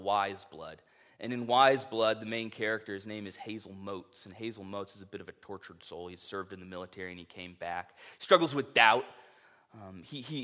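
A man's voice: fairly low pitch, sharp tone. A man preaching a sermon, reading scripture and then talking in a casual, earnest way with filler words. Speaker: pastor.

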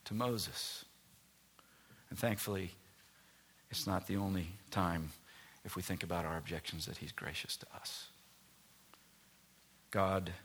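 A male pastor preaching a sermon, swinging between loud emphatic lines and soft near-whispers. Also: deep voice, husky.

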